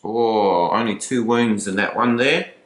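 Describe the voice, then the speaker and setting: A man's voice: lowish voice, unhurried, reverberant. A man casually commentating a tabletop wargame battle, chatty with playful asides. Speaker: battle report host.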